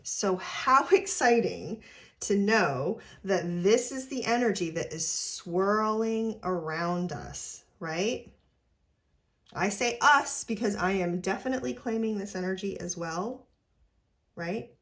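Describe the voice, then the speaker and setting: A woman giving an unscripted spiritual tarot reading, earnest and gently encouraging, who ends many sentences with a questioning "right?". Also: medium pitch, lively intonation, slow. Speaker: tarot reader.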